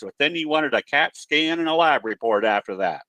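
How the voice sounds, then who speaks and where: A man's voice: a little high, lively intonation, normal speed, hardly any pauses, bright, forceful tone, no echo. Folksy male trading presenter, dry sound. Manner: folksy, explanatory, tells jokes. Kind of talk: webinar teaching talk. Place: home office.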